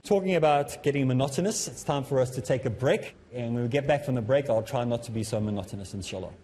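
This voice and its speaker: A man with a South African accent giving a steady lecture on public speaking, calling himself a bit monotonous. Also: mid-range voice, fast talker, very noisy. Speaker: Islamic teacher.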